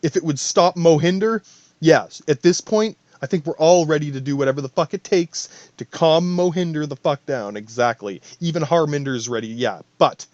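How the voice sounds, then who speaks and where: A man's voice: on the high side, normal speed, a little mellow, no echo, lo-fi sound. A man hosting a podcast alone, rambling in a profane, stream-of-thought monologue full of asides. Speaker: podcast host.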